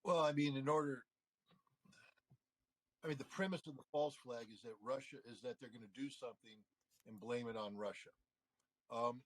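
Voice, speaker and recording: A man's voice: mid-range voice, steady tone, moderate pace, pauses often, poor audio. A middle-aged man giving emphatic answers as an interview guest, with frequent filler phrases. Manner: emphatic, frequent "you know" and "I mean" fillers. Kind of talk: casual spoken analysis.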